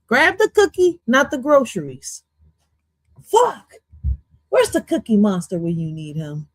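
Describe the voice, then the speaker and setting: A woman's voice: a little high, sing-song, unhurried, dry recording. A woman reacting to a podcast clip on her stream, goofy and swearing, slipping into now and then. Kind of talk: casual reaction commentary.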